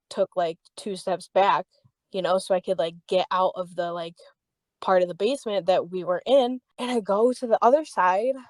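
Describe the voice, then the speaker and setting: A woman's voice: darkish tone, no room sound. Young woman telling a heated story, dry sound. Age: young adult. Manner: heated, swears freely, heavy use of "like"; reenacts dialogue with raised pitch. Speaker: podcast host. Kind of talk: casual storytelling chat.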